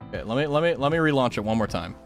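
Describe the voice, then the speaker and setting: A man's voice: mid-range voice, racing, faint music behind. A man streaming a trucking game, chatting to his viewers, laughing and yelping when things go wrong. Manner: excitable, laughing, yelps at glitches, talks to chat. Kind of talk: casual game stream chat.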